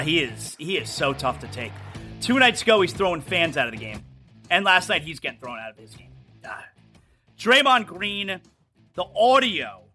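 Animated opinionated sports talk host, man. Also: high voice. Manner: fast, animated, opinionated rambling. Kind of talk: solo sports talk show.

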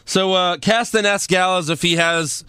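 Bright-voiced sarcastic podcast man. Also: high voice, steady tone, moderate pace. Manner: sarcastic, jokey. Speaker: podcast co-host recapping wrestling. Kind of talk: casual podcast chat.

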